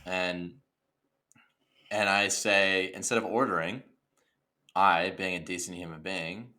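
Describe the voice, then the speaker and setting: A man's voice: deep voice, steady tone, slow, pushed and bright. A man co-hosting a podcast, telling rambling funny stories in casual chat. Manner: joking, rambling storyteller. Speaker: podcast co-host.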